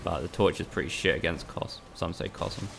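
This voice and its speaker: Gravelly low-voiced male game streamer. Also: brisk, background noise. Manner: frustrated, swears often, casual banter with viewers. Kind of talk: live gameplay commentary.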